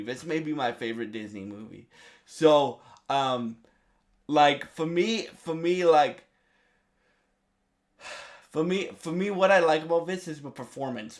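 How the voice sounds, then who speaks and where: Man, casual video reviewer, eager, halting, lots of fillers, slow delivery. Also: mid-range voice. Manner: enthusiastic, halting, many restarts and fillers. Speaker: movie reviewer.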